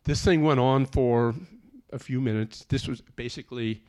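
A man's voice: medium pitch, moderate pace, a little mellow. A man telling a personal testimony in an earnest, plainspoken storytelling way. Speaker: speaker giving a personal testimony.

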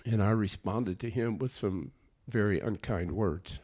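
A man's voice: fairly low pitch, a little slow, darkish tone. A man telling a personal testimony in an earnest, plainspoken storytelling way. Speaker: speaker giving a personal testimony.

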